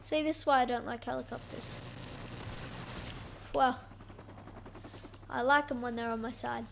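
A young woman giving excitable, self-mocking commentary over her own gameplay. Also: on the high side, a little slow, vocal fry, a little hiss or hum. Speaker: gaming YouTuber.

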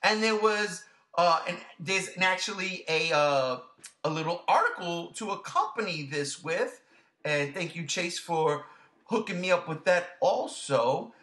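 A man hosting a casual podcast, gushing with excitement, swearing freely and repeating himself. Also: high voice, unhurried. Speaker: podcast host.

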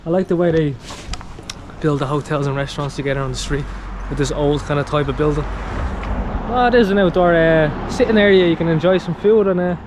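A travel vlogger with a fairly high voice talks quickly and cheerfully to his viewers while strolling along a town street outdoors. Traffic passes by, adding background noise to his chatty, upbeat commentary.

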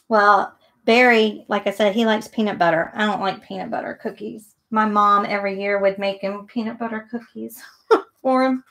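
During a live painting demo, a middle-aged woman talks through her process in casual chat. She has a gravelly voice of medium pitch.

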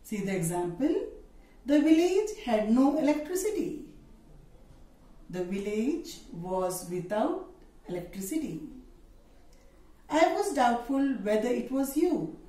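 Slow, deliberate woman teaching grammar. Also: a little high, sing-song, dark tone. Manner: slow, deliberate, listing examples. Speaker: English teacher. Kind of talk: grammar lesson. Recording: echoey room, distant mic.

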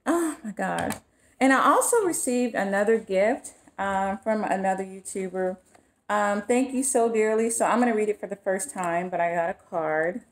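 A woman talks in a relaxed vlog. She gushes her thanks and keeps a casual, personal tone with her viewers. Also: medium pitch, moderate pace. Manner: effusive, gushing thanks. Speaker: vlogger.

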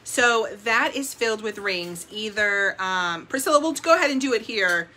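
Brief: upbeat woman live-stream seller, bright forceful tone, faint background hiss. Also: medium pitch, expressive, moderate pace. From New Jersey. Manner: gushing, upbeat, addresses viewers as guys. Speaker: co-host of a live jewelry sales show. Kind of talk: live-stream sales chat.

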